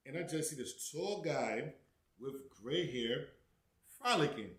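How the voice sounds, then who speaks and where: A man's voice: fairly high pitch, lively intonation, takes it slowly, a bit bright. A young adult man hosting a real estate channel, telling stories and reacting in a casual, chatty way, full of "right?" and "you know". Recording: roomy echo.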